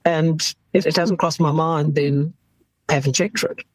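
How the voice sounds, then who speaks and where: A woman in her fifties from South Africa, working as an emergency doctor, speaks openly in an interview and acts out people's words. Her darkish voice sits low and moves at normal speed. The recording is low-quality, with no room sound.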